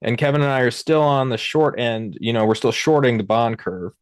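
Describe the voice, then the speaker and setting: A man's voice: medium pitch, a little fast, no room sound, clean studio sound. A young adult man hosting a live market show, talking casually and rambling, with many fillers and restarts. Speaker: host. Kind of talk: casual livestream market talk.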